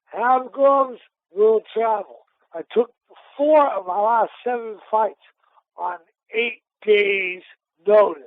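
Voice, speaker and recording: A middle-aged retired boxer from Massachusetts, USA, speaks in a high voice at a slow pace with no echo. He tells rambling stories full of restarts and repeats during a casual interview, heard over a tinny phone line on a radio show.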